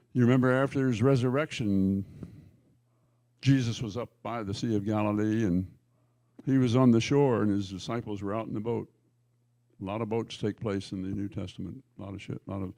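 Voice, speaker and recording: A male pastor preaching a sermon in church, telling the stories emphatically with jokey asides and quick self-corrections. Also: on the low side, creaky, dark tone, no echo.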